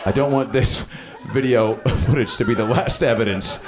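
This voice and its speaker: A man in his thirties doing improvised stand-up, riffing on audience suggestions with profane, animated storytelling. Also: medium pitch, moderate pace, noisy background. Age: 30s. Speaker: stand-up comedian. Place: comedy club stage. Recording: live club with crowd laughter. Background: audience laughter.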